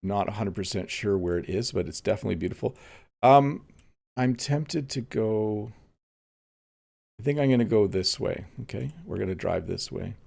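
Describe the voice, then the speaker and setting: A man's voice: on the low side, lively intonation, normal speed, creaky, darkish tone. A middle-aged man from Canada, an English teacher chatting casually through a live-streamed lesson while he plays a game and answers viewers.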